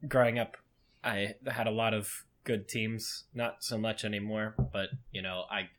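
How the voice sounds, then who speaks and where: Young guy, low voice, chatty, laughs a lot, sentences trail off. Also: level tone, unhurried, a bit bright. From Boston. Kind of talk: casual podcast chat.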